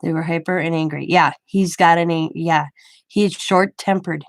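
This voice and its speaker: A woman's voice: fairly low pitch, fairly even intonation, moderate pace, no echo. An older woman, a grandmother, telling a rambling story in casual chat, with many restarts. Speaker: craft vlogger.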